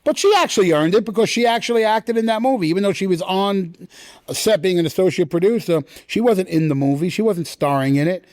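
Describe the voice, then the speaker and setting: A middle-aged man with a fairly high voice chats as an interview guest and tells stories with animated energy. He acts out quotes in sudden loud bursts. The sound is close and dry, with no room around it. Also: fast, no room sound. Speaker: guest, actor. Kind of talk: casual interview chat.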